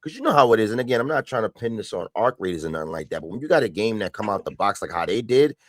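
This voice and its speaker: A man talks quickly and emphatically on a podcast, with plenty of slang. His voice sits fairly low, and the sound is dry and close. He comes across as relaxed. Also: no room sound. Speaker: podcast co-host. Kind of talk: casual chat.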